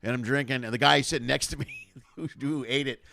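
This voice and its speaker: A man from Chicago, a comedian hosting a show, telling stories over a video call in a casual, profane, animated way, laughing as he goes. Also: mid-range voice, a little fast, creaky, no room sound. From Chicago, USA. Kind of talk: casual conversational storytelling.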